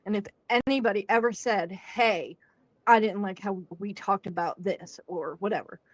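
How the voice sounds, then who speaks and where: In a dry recording, a young woman hosting a podcast speaks at a moderate pace in a mid-range voice. She tells a story in easy chat, animatedly acting out the quotes and laughing along.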